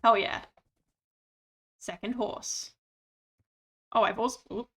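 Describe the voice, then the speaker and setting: A woman's voice: a little high, steady tone, takes it slowly, a bit bright, husky. A woman streaming a game, chatting playfully and reading out chat. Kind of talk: casual gaming stream chat.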